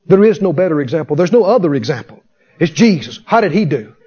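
A man's voice: a little high, sing-song, fast talker, dark tone, husky. A man preaching a fervent sermon, firing rhetorical questions at his congregation and answering them himself. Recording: dull lo-fi sermon recording.

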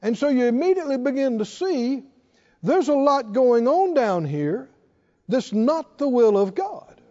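Speaking a little slowly in an extremely high, mellow voice with big pitch swings, a male pastor delivers a call-and-response sermon that asks the congregation to respond. The church sanctuary recording is echoey, dull, and lo-fi.

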